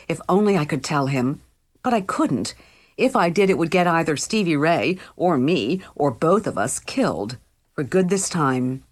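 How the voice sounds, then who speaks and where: Low-voiced woman narrating a story. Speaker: audiobook narrator. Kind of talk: first-person scripted narration.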